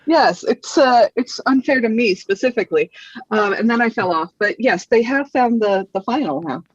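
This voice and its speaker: A woman's voice: on the high side, expressive, moderate pace, breathy edge, no echo. Wry woman guest, muffled dry sound. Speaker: podcast guest. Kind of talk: casual podcast chat.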